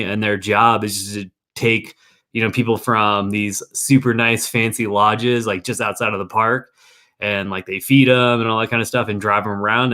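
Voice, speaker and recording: A man's voice: fairly low pitch, a bit bright. A young man working in a national park, chatting casually and rambling with lots of fillers. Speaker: park worker telling stories. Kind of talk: casual podcast chat.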